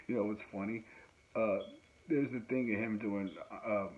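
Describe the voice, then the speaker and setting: Low-pitched man, casual rambling talker, home recording, muffled lo-fi sound with light hiss. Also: fairly even intonation, a little slow. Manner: rambling, joking, lots of fillers and laughs. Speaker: musician and podcast host. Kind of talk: casual chat. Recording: dull lo-fi sound with faint noise.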